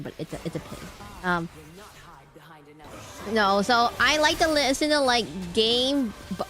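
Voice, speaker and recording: A woman's voice: medium pitch, a bit bright. A woman streaming a video game, chatting casually in a rambling, self-correcting way. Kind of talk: casual gameplay chat.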